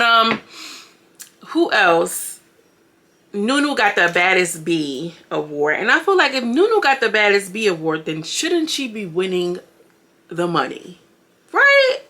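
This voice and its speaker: A woman giving a chatty, animated recap of a reality show and talking straight to her viewers. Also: medium pitch, a little slow. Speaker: reality TV commentator. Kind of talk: casual recap commentary.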